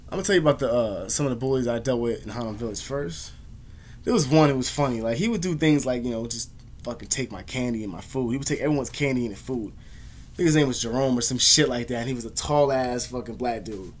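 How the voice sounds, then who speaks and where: A man's voice: mid-range voice, quick pace, slight background noise. An American man telling rambling, profane stories in a casual vlog, laughing often. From United States. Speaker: vlogger. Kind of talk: casual storytelling.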